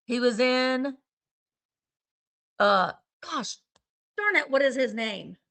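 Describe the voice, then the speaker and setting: A woman hosts a relaxed live-stream chat, rambling and trailing off as she searches for names. Her voice sits a little high and sounds bright, with a gravelly fry underneath. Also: takes it slowly, long pauses. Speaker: live-sale stream host. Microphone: streaming setup.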